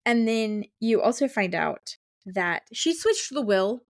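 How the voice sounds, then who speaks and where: Young woman podcast cohost, kinda high voice, acts out the characters as she goes. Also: animated, slow. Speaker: podcast co-host. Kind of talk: casual book discussion.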